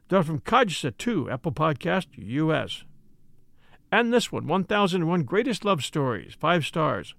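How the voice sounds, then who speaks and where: A man narrating a classic mystery as a podcast host, his voice fairly high with a lively, varied melody. He tells the story in a smooth, measured way. The recording is close and dry with no room sound. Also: no room sound.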